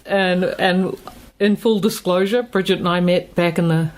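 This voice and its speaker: A middle-aged woman, hosting a podcast interview in a relaxed, chatty way and laughing often. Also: on the low side, unhurried. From New Zealand. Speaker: podcast host. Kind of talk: casual interview chat.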